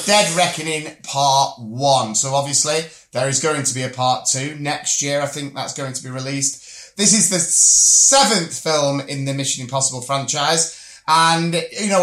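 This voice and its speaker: A man's voice: fairly high pitch, fairly bright tone, slight background noise. A man hosting a podcast in casual chat, teasing and full of banter. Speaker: podcast host. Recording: roomy echo with music behind.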